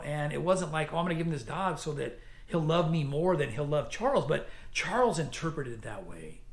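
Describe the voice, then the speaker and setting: A man giving a casual, enthusiastic spoken book review, chatty, with many fillers and restarts. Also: on the high side. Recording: echoey room.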